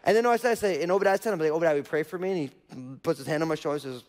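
High-voiced preacher in a reverberant hall. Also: male voice, rapid-fire. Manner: conversational preaching with frequent rhetorical "right?". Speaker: pastor. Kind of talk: sermon. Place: church auditorium. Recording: long reverb of a church hall.

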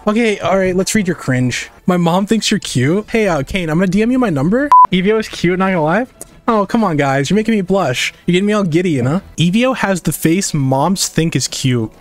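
A man's voice: lively intonation, a little fast. A young man chatting on a live art stream, joking, swearing and mocking himself and his chat. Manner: mocks chat in high squeaky voices. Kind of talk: casual livestream chat. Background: faint music.

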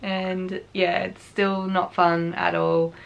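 A woman's voice: lowish voice, flat delivery, takes it slowly, creaky, dull audio. Breathless chatty woman vlogger. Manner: chatty, rambling, laughs often. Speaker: craft vlogger. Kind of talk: casual chat to camera.

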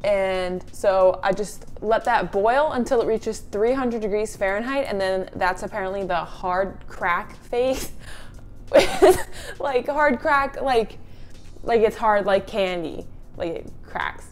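A young woman talks through a recipe in a casual cooking vlog, giggling and saying "like" as she goes. She sounds nervous and excited by turns. Soft music plays faintly behind her voice. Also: mid-range voice, unhurried. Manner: excitable and nervous, laughs often, says "like" a lot. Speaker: food vlogger.

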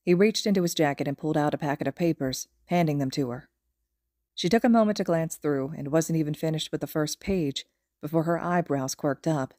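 A woman narrating a fan fiction audiobook in a steady, even storytelling manner. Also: sits low, brisk, no room sound, studio quality. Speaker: podfic reader.

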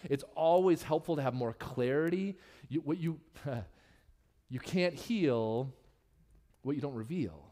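Male pastor, sermon, fairly high voice, candid, humorous, church sanctuary. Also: slow, long pauses. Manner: candid and humorous, with lively swings in pitch and loudness.

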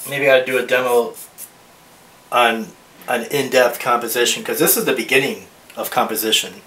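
A man's voice: medium pitch, moderate pace, pushed and bright. A man teaching a drawing lesson as he works, thinking aloud and rambling, with many restarts. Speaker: art teacher. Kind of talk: drawing demonstration. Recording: roomy echo, mic at a distance, faint hiss.

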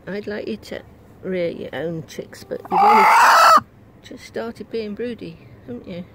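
A woman keeping chickens, talking softly and dotingly to her hens and new chicks outdoors by the coop. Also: medium pitch, measured pace, heavy background noise. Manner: soft, doting, talks to the birds. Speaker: backyard chicken keeper. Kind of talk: cooing chat to hens and chicks. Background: clucking hens and cheeping chicks.

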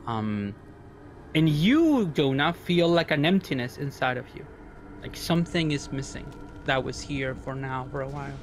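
A man's voice: mid-range voice, expressive, moderate pace, slight background noise. A man narrating as game master of a tabletop game, rambling and searching for words with lots of fillers.

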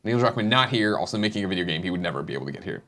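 Animated man hosting a chat show. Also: low voice, rapid-fire. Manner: animated, swearing, laughing loudly. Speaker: show host. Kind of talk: casual chat. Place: studio.

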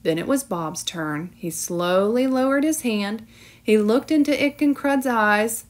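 A woman teacher reading a storybook aloud with clear, expressive narration. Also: on the high side, a little slow.

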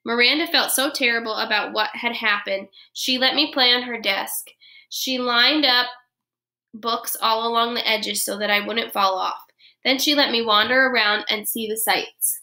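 Bright-voiced woman reading a children's story. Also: fairly high pitch, moderate pace. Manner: expressive storytelling. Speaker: first grade teacher. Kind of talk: reading a children's chapter book aloud.

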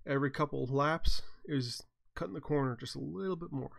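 Talking fast in a somewhat high, gravelly and slightly bright voice, this blacksmith hosts a casual chat despite being tired and yawning. He rambles through stories with self-mocking humor, laughing at his own misfortunes.

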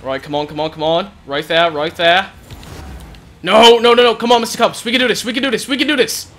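A man giving excitable live gameplay commentary as a gaming channel host, shouting and groaning at the game. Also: high-pitched, brisk, a little hiss or hum.

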